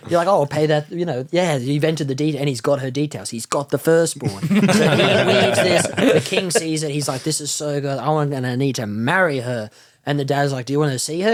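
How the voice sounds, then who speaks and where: A man from Australia, a comedian guest on a podcast, rambling through a comic story and laughing often as he talks. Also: a little high. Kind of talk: casual podcast chat.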